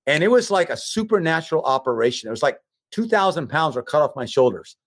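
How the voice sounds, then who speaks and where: A man's voice: fairly high pitch, very animated, fast, dry recording. Earnest man with a dry close sound. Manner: earnest, repetitive emphatic phrasing. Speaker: guest, humanitarian relief leader. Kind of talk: emotional personal storytelling.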